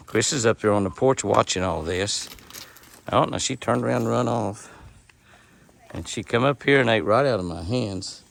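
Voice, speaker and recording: A middle-aged man, rambling in a casual vlog from a deer pen, repeating himself and softly coaxing the animals. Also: lowish voice, lively intonation, brisk, creaky. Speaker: deer rancher.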